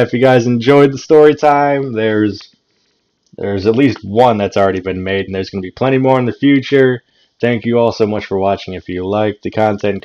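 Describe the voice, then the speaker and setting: A man's voice: lowish voice, darkish tone. A man hosting his own channel and telling a story in a laid-back way, chuckling and repeating words as he goes. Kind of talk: casual story time vlog. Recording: dull lo-fi recording.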